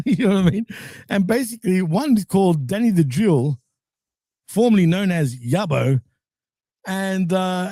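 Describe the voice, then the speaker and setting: Male podcast co-host with a high voice and a dry close sound, loose, rambling wrestling chat. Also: dark tone, no room sound. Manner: laughs often, loose and rambling. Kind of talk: casual wrestling recap chat.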